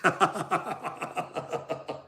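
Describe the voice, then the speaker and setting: A man's voice: drawn-out words, bright, forceful tone. A man with a New York accent hosting a casual livestream, laughing often and talking slangily to his chat. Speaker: livestream host.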